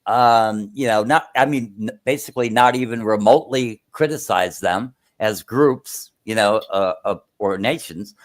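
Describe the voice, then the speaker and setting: A man's voice: on the low side, normal speed, few pauses. A man calling into a stream, talking bluntly and crudely in casual chat.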